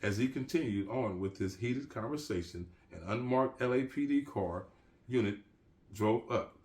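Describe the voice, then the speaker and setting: A man's voice: mid-range voice, moderate pace. A man reading his own crime novel aloud, casual, with street-slang asides and restarts. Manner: relaxed, street slang, restarts mid-sentence.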